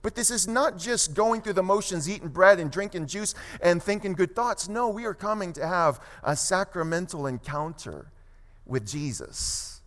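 A man preaching a sermon as pastor, emphatic, with quick asides and slow, stressed phrases. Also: high voice, a bit bright. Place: church sanctuary. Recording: long hall reverb.

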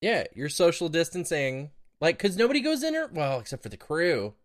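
Animated man with wry asides. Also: a little high, fairly quick. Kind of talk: casual chat.

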